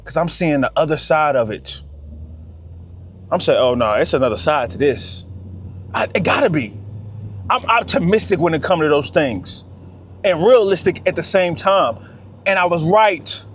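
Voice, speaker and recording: A man's voice: a little high, lively intonation, normal speed, long pauses, slight background noise. A man, giving an impassioned, preachy monologue straight to his viewers and repeating his points. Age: 30s. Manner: preachy, repetitive, talks straight to "fellas". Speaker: vlogger.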